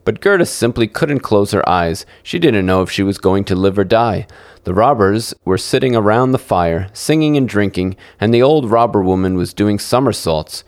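A man's voice: lively intonation, normal speed, dry recording, studio quality. A man reading a fairy tale aloud as a storyteller, lifting his voice for the characters. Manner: acts out dialogue with lifted pitch.

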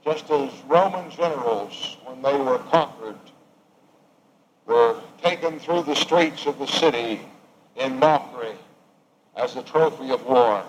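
A man preaching a sermon, swinging from raised emphatic lines to hushed, quiet ones. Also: medium pitch, unhurried, highs cut off, slight background noise.

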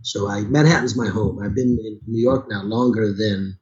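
Hoarse middle-aged voice actor, casual and rambling, muffled lo-fi sound. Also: male voice, on the low side, moderate pace, a little mellow. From Chicago, USA. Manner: rambling, with frequent restarts. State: sore throat. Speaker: voice actor and audiobook narrator. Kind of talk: casual conversation.

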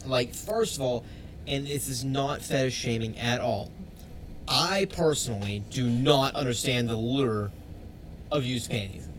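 A man's voice: mid-range voice, a little slow, slight background noise. A man co-hosting a casual podcast, wry and conversational, often trailing off and restarting. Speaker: podcast co-host.

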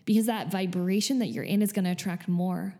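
A young woman hosts her own podcast and talks straight to her listeners in a loose, chatty way. Her voice is warm and mellow, with a middle pitch, and she keeps the energy up. She drops into quick little impressions of other people when she makes a point. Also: fairly even intonation. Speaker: podcast host. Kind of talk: casual spiritual podcast monologue.

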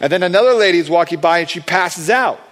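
A man excitedly telling a testimony story about praying for people, rambling with many fillers and restarts. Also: sits high, fast. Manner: animated, acts out quoted voices. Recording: long hall reverb.

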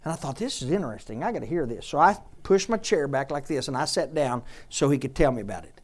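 A man's voice: a little high, big pitch swings, brisk. Emphatic man preaching a sermon. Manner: emphatic, swings from loud exhortation to quiet asides.

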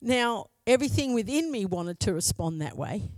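A woman's voice: a little high, lively intonation, normal speed, darkish tone, dry recording. A middle-aged Australian woman, a pastor's wife, telling a candid personal story in a sermon.

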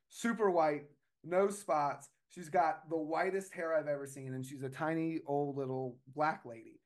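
A man in casual podcast chat, telling a story in a rambling, hesitant way with many fillers and restarts. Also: a little high.

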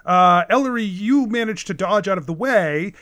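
A man narrating as game master of a tabletop game, unhurried and often pausing with "uh". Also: high voice, animated, a bit bright, no room sound.

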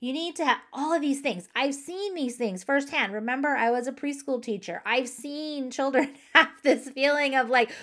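A woman's voice: high-pitched, normal speed, few pauses, fairly bright tone. A woman hosting a faith-based podcast for moms, talking earnestly and directly to her listeners. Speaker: podcast host.

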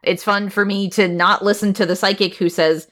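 A woman's voice: medium pitch, steady tone, moderate pace, a bit bright. A woman on a podcast talking casually about a film, acting out the characters' lines as she retells scenes. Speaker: podcast co-host.

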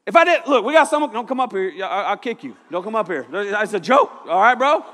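A man preaching a lively, jokey youth sermon to a room of students. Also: sits high, a little fast, few pauses. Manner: animated, jokey, shouting at times. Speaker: youth pastor. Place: church hall with audience. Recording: echoey hall.

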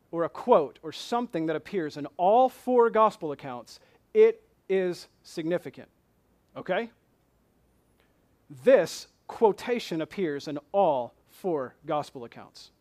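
High-voiced man preaching a sermon. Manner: animated, voicing questions with rising intensity. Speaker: pastor.

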